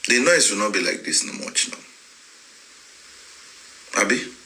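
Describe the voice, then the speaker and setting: A man's voice: lowish voice, animated, unhurried, sharp tone, rough recording. A man with a Nigerian accent giving an impassioned address, switching between English, Yoruba and pidgin and growing emphatic. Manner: mixes English, Yoruba and pidgin, emphatic and rising when indignant. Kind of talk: impassioned live-stream address.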